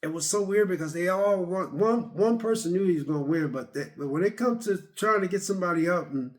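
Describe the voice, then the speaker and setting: Guy rambling thru a movie review, kinda high voice, keeps repeating himself, super animated. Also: fairly quick. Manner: rambling, animated retelling with many repeats and fillers.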